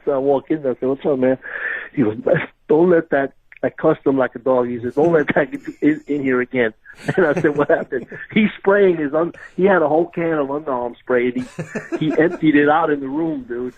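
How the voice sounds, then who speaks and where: A man's voice: on the high side, fairly quick, slightly rough. A man, a former pro wrestler, telling backstage stories in a casual interview, laughing as he goes. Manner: animated storyteller, laughing through his stories. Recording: tinny phone-line audio.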